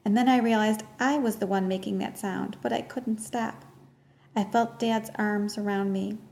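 A woman reading a first-person novel aloud in a measured, earnest storytelling voice. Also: medium pitch, steady tone, darkish tone, slight background noise. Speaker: audiobook narrator.

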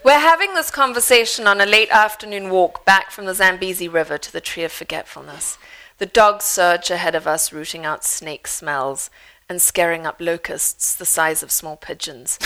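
Lively woman reading her memoir. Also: on the low side, normal speed, hardly any pauses, rough recording. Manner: lively storyteller, dry humor. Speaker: author.

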